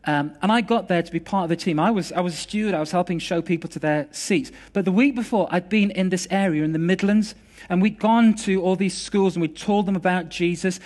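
A man preaching a sermon, telling a story in a lively, conversational way with some restarts. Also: high-pitched, brisk.

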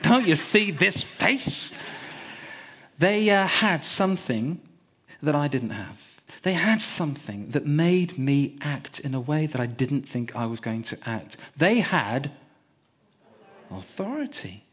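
A man delivers a sermon in a fairly high voice. He tells a personal story and leans hard on repetition to drive each point home. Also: big pitch swings, a little slow, husky. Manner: emphatic, repeats key words. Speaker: preacher.

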